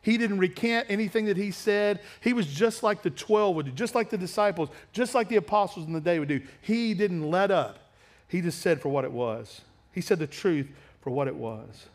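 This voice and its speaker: Male pastor, high-pitched, preaching bluntly to a congregation. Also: moderate pace. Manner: blunt, confrontational preaching that drops to quiet asides. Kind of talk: sermon. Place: church sanctuary.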